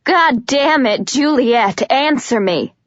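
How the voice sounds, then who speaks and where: A man's voice: very high-pitched, expressive, takes it slowly, a bit bright, no room sound, dull audio, exaggerated voice. Woman playing an unhinged proud young commander. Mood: frantic. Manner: mocking, then frantic and pleading.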